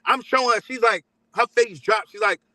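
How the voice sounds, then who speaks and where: A man telling his story as a father, animated, acting out both sides of the conversations he recounts. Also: very high-pitched, normal speed, dry recording, poor audio. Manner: animated, acts out both sides of texts and talks. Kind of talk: casual storytelling.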